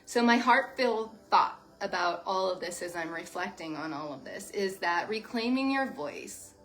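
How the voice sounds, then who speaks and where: Soft-spoken woman teaching yoga and sound healing. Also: medium pitch, animated, normal speed. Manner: soft, emotional, heartfelt, addresses viewers as "you guys". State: near tears. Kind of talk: livestream talk to viewers.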